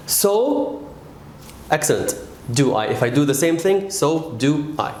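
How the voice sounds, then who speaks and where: A man teaching an English grammar lesson, patient and stressing key words slowly. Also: a little high, big pitch swings, echoey room, a little hiss or hum.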